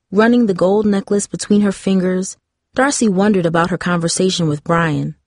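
A woman with a fairly low voice reads a novel aloud in a measured, even way. The recording is close and dry, with no room sound. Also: no echo. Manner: measured reading, doing light voices for the characters. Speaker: audiobook narrator. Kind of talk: scripted narration of a novel.

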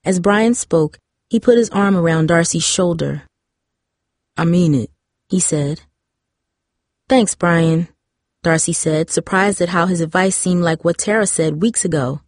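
Low-voiced woman reading a novel. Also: dry recording, clean studio sound. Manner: measured reading, doing light voices for the characters. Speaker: audiobook narrator. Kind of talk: scripted narration of a novel.

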